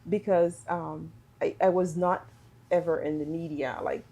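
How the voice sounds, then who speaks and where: The voice is fairly low, creaky and mellow, steady in tone at a measured pace, with the high frequencies cut off. It belongs to a Haitian business owner in middle age, a podcast guest in casual conversation who speaks earnestly and says words twice for emphasis.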